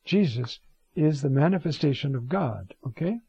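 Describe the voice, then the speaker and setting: Guy teaching bible passages, kinda husky, dull lo-fi sound, keeps saying you see. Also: on the high side, moderate pace, dry recording. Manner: animated, many "you see" asides and restarts. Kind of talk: scripture lecture. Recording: dull lo-fi dry recording.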